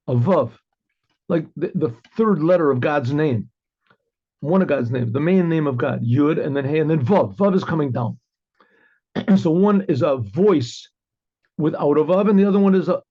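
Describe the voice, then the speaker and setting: A man with a fairly high, husky and mellow voice teaches a Torah lesson. He explains earnestly, step by step, and repeats words as he thinks. The recording is dull and lo-fi. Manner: acts out the story, dropping to a murmur for asides. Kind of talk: Torah lesson with Hebrew and Aramaic terms.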